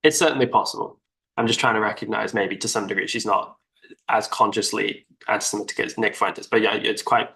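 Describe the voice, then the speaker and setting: Bright-voiced man making an argument. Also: fairly low pitch, fairly even intonation, a little fast, creaky. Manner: argumentative, explains at length. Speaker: podcast co-host. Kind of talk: casual political discussion.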